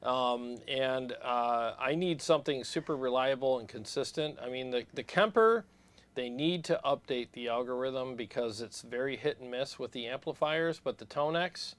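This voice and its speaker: A man hosting a casual livestream, animated and blunt, laughing often as he talks shop. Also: mid-range voice, moderate pace, clean tone. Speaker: host of a guitar gear livestream.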